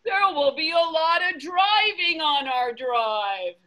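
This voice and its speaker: A woman's voice: high-pitched, lively intonation, extremely slow, fairly bright tone, a little hiss or hum, heavily acted. Woman doing Gerald, a fussy bossy elephant. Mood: bossy fretful. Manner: bossy, chanting, fretful outbursts. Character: fussy worried male elephant planner.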